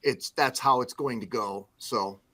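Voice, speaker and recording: A news anchor from the American Midwest joins a radio show for an informal conversation. His voice is medium in pitch, bright and forceful, a little slow, and his humble, easygoing talk carries lots of fillers.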